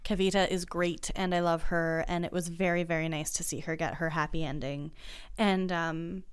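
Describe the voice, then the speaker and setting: A woman's voice: fairly low pitch, steady tone, moderate pace, clean tone. A woman co-hosting a casual book discussion, talking in an enthusiastic, emotional, chatty way. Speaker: podcast co-host.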